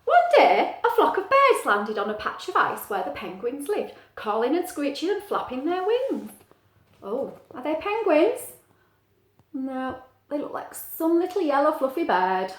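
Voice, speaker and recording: A middle-aged female teacher reads a picture book aloud to children, her voice sitting high and moving a little slowly. She's gentle and animated, asking the listener questions, and the room is echoey.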